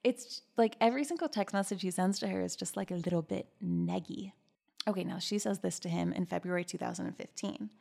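A woman with a slightly low voice and a gravelly, fry-heavy edge hosts a podcast. She talks in a casual gossip style. She giggles and reacts to everything with big, exaggerated disbelief. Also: a little fast, dark tone. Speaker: podcast host.

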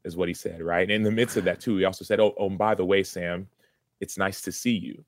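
A man's voice: low voice, steady tone, quick pace, no echo. A man in his thirties, a former football player, earnestly recounting a personal story in an interview, with many restarts.

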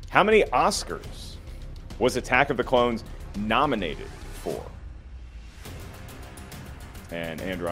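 A man hosting a trivia game show, joking with the players and counting down the clock. His pitch swings widely as he banters, with faint music underneath. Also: a bit bright. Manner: playful, jokey, counts down timers. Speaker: trivia quiz host.

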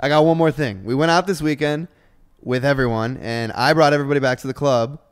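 A man's voice: mid-range voice, fast, smooth. A man in his twenties co-hosting a podcast, teasing his friend with wisecracking banter in casual chat. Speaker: podcast co-host.

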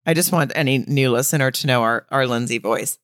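A woman's voice: extremely low pitch, brisk, dry recording, clean studio sound. A woman co-hosting a podcast in casual chat, blunt and exasperated, swearing freely. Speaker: podcast co-host.

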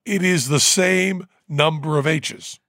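A man hosting a podcast, telling a rambling story with fillers and quick laughs. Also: a little high, fairly bright tone, no room sound. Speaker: podcast host. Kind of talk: casual storytelling. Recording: dry close studio mic.

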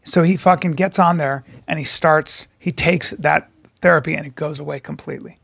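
A man's voice: fairly high pitch, steady tone, moderate pace, creaky, a bit bright, no room sound, clean studio sound. A man co-hosting a podcast, telling profane stories in casual chat and acting out the voices of the people in them. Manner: profane storyteller, acts out quoted voices. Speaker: podcast co-host.

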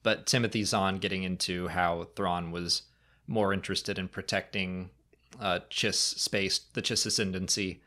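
A man co-hosting a casual fan podcast, talking through questions and often slipping into quick, playful impressions. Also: low-pitched. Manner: animated, jumps into funny impressions. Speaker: podcast co-host.

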